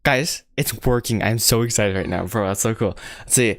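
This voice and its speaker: Young american guy livestreaming his animation work, rambly and self-mocking, kinda low voice, dry close mic. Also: moderate pace, no room sound. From United States. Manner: rambling, self-mocking, excitable, says bro and guys a lot; sounds out mouth shapes while lip syncing. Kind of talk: casual livestream chat while animating.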